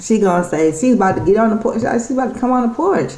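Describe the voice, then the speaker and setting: A woman's voice: a little high, expressive, quick pace, mellow. Irritated woman rambling in an echoey room. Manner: rambling, irritated, full of fillers and restarts. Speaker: vlogger. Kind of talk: casual storytelling vlog.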